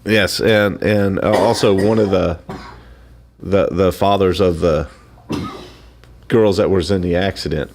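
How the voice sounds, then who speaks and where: A man as a guest on a radio talk show, talking casually and haltingly, often repeating words as he goes. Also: deep voice, fairly even intonation, background noise. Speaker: studio guest promoting a local event.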